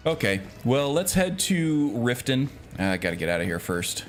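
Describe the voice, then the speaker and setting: A man's voice: medium pitch, very animated, moderate pace, faint music behind. A man streaming a game, talking casually and rambling with frequent fillers and little chuckles. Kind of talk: casual gameplay chat.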